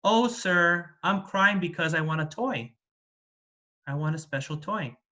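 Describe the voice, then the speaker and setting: A man voicing a small boy in a told story, a son returned from heaven who pleads and then lectures his father calmly. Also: high voice, measured pace, full character voice. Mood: pleading.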